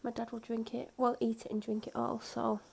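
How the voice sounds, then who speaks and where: Woman, ill and tired, rambling casual home vlog, slightly high voice, faint background hiss. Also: level tone, a little fast, vocal fry, darkish tone. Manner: chatty, rambling, self-mocking. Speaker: vlogger. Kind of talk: casual chat. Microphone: clip-on microphone.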